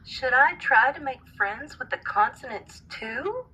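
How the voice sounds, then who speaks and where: A woman's voice: high-pitched, lively intonation, unhurried, pushed and bright, breathy edge, pitched above the performer's own voice, heavily acted, rough recording. A woman voicing Schwa, a lazy male sound character from a storybook, hesitant and trailing off with "uh".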